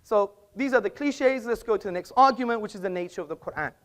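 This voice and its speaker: A man's voice: high voice, fast talker, fairly bright tone. A man giving a formal debate speech in an auditorium, lecturing and argumentative, with rhetorical questions.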